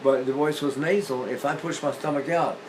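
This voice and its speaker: An older man teaching singing, explaining breathing with lively demonstrations, often repeating and restarting phrases. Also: medium pitch, brisk, a little hiss or hum, poor audio. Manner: animated, illustrating points with sung demonstrations. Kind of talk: demonstrative vocal lesson.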